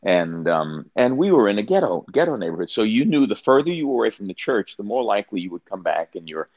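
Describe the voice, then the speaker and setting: A man's voice: lowish voice, big pitch swings, quick pace, a little mellow, no echo, lo-fi sound. An older man, a pastor, telling a personal story as an interview guest, earnest and often restarting his sentences.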